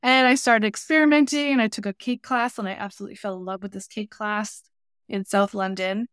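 A woman, a baker and teacher, telling lively anecdotes as an interview guest. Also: medium pitch, a little fast, smooth, no room sound, clean studio sound. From Canada. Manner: lively anecdotal storytelling with voiced asides. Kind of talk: casual interview storytelling.

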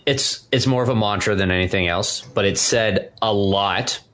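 A man's voice: on the low side, normal speed, fairly bright tone. A man co-hosting a podcast, chatting casually in a laid-back way and quoting movie lines. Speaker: podcast co-host. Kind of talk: casual chat.

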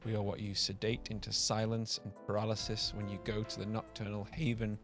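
A man's voice: completely flat delivery, over music, lightly acted. A man putting on a menacing disfigured survivor. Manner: slow, low, ominous delivery. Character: disfigured male test survivor, menacing and cold.

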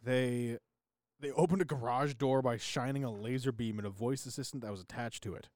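A man's voice: medium pitch, brisk, darkish tone, no room sound, studio quality. A young man co-hosting a podcast in casual chat, rambling and joking with lots of fillers and restarts. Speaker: podcast co-host.

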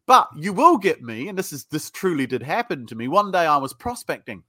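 A middle-aged British sales trainer from the United Kingdom, guesting on a podcast, speaks in a high, bright voice, very animated and a little fast. Blunt and profane, he tells stories by acting out both sides of phone sales calls. The recording is dry and close-miked, with no room sound.

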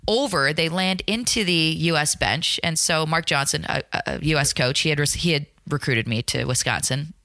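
A woman telling a story as a podcast guest, acting out the people she quotes with lively shifts of voice. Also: low-pitched, normal speed, few pauses, dry recording. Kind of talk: animated storytelling.

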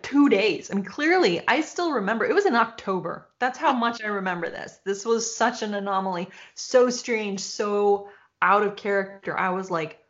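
Woman telling a story, slightly muffled. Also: mid-range voice. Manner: animated, swearing, acts out quoted voices. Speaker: podcast co-host. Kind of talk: casual storytelling chat. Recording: dull, slightly lo-fi sound.

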